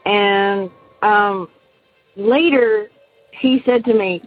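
A woman's voice: mid-range voice, slow pace, long pauses, faint music behind. A woman caller leaving a chatty, meandering voicemail for a podcast. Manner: chatty, meandering, many fillers. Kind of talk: recorded voicemail message. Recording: tinny phone line.

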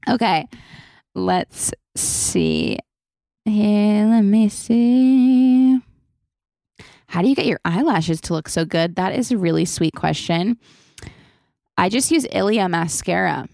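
A woman's voice: lowish voice, sing-song, a little slow, creaky, a little mellow, dry recording, studio quality. A young woman hosting a casual podcast Q&A, chatty and loose, swearing freely and saying "like" a lot. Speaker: podcast host. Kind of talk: casual Q&A chat.

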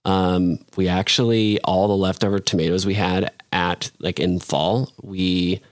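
A man in a casual podcast chat, talking in an easygoing, relaxed way. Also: low-pitched, measured pace, no room sound, studio quality.

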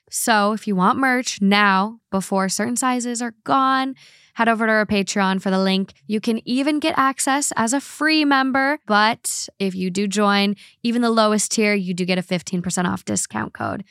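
A woman's voice: on the high side, a bit bright, dry recording, studio quality. Chatty young woman podcast host. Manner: chatty, playful, quick asides. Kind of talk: casual chat.

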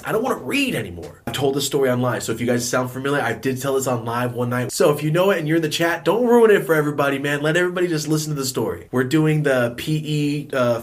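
A young man from California telling a casual, profane storytime, animated and acting out voices. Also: medium pitch. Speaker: vlogger.

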